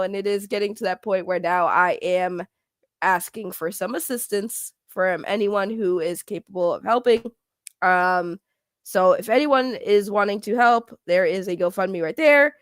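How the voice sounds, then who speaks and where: A woman's voice: medium pitch, a bit bright, dry recording, studio quality. A woman streamer chatting casually, greeting chat and joking at herself. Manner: chatty, self-mocking, greets chat by name.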